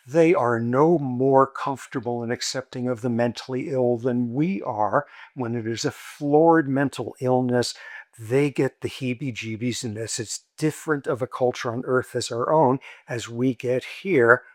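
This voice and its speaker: A man giving a university lecture, telling a story and acting out the dialogue with sudden jumps in pitch. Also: no room sound. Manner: animated, acts out quoted dialogue with jumps in pitch. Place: lecture hall.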